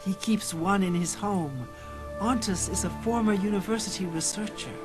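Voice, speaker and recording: An actress playing a cool, scheming female thief guild leader in a video game, measured and commanding, heard with music behind. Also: mid-range voice, close to an everyday voice. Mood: businesslike. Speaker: game character.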